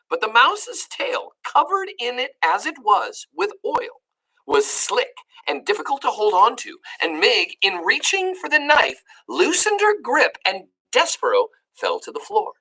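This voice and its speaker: A woman reading a children's book aloud, pausing to explain words to young listeners. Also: a little high, huge pitch swings, bright, forceful tone, breathy edge.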